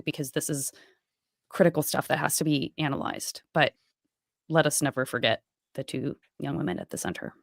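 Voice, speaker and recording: Low-voiced earnest woman podcast host. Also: creaky, no room sound. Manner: earnest, emphatic, repeats words. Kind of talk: casual conversation.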